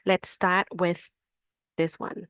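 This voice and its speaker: A woman's voice: lowish voice, level tone, a bit bright, clean tone, no echo. A woman with a Thai accent, a native Thai speaker, teaching an online Thai lesson and sounding out syllables one by one. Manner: slow, patient explaining, sounding out syllables one by one. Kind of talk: self-paced online lesson.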